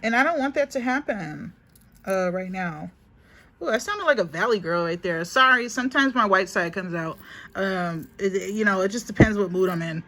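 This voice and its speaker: A woman's voice: mid-range voice, normal speed, bright, forceful tone. A woman giving a casual spiritual reading to a phone, chatty and emphatic, repeating herself and calling viewers honey. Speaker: spiritual reader.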